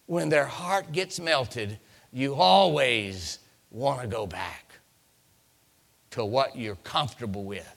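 A man preaching a sermon, reading scripture aloud and building up to shouted lines. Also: mid-range voice, slow, creaky.

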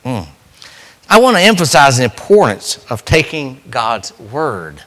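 A man's voice: mid-range voice, big pitch swings, unhurried, fairly bright tone. A middle-aged man, preaching a sermon as pastor in a folksy, emphatic way, rising and dropping sharply. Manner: folksy, emphatic preaching with sudden rises and drops.

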